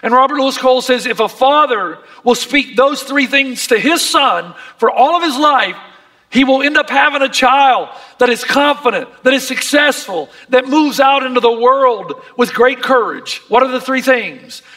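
High-voiced, bright preaching man. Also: animated, normal speed, in a large hall. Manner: impassioned, emphatic preaching. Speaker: pastor. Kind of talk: sermon.

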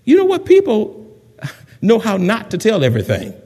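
A man preaching a sermon in an animated way, acting out the voices of gossiping people. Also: high-pitched, normal speed, breathy edge, in a large hall. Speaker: pastor.

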